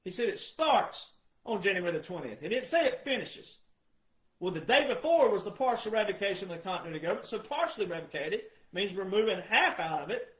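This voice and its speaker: A man with a notably high voice delivers an impassioned commentary to his audience. He hammers points through repetition and often climbs into shouting. The sound carries a noticeable room echo. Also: very animated, a little fast. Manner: emphatic, repetitive, rising to shouts. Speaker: political commentator. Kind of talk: impassioned monologue.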